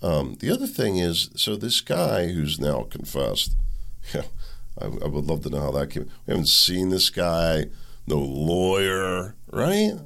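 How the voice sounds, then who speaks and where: Man, deep voice, gravelly, ranting, sarcastic, commentary. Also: very animated, a little slow, pushed and bright. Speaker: podcast host. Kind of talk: political commentary monologue.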